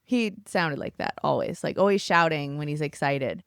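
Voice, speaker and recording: Woman podcaster, lively storyteller, smooth low voice, dry close sound. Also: moderate pace, dry recording. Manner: animated storytelling, acts out quotes, laughs often. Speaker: podcast co-host and photographer. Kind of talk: casual chat. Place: aboard a family yacht.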